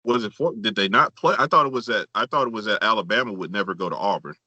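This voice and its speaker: A man's voice: on the low side, fast talker, sharp tone, no room sound. A man co-hosting a casual football chat, matter-of-fact with some repeated words. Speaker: co-host.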